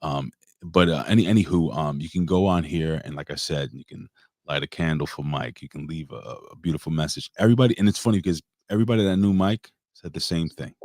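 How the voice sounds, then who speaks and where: Male co-host, very low voice, dry close sound, halting and emotional. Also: a little mellow, dry recording. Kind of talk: casual livestream chat.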